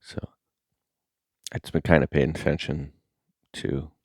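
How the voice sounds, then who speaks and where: A middle-aged man talking casually to camera as a content creator, rambling and animated, sometimes dropping to a near-whisper. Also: very deep voice, slow, dry recording, clean studio sound.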